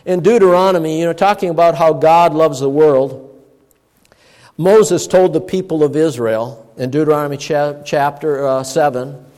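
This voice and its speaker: A man preaching a sermon as a pastor, emphatic and slowing down to stress key words. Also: on the high side, fairly even intonation, a little mellow, long reverb tail.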